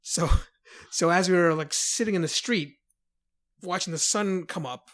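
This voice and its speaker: A man from New York telling band stories in a casual podcast chat, lively and quick to act out quotes. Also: high voice. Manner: chatty, lively storyteller who acts out quotes. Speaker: podcast guest, band member.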